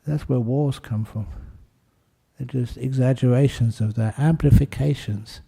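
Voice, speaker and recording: Slow gravelly guy giving a buddhist talk, easygoing and jokey. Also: medium pitch. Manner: gentle, humorous storytelling. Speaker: Buddhist teacher. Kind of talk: dharma talk.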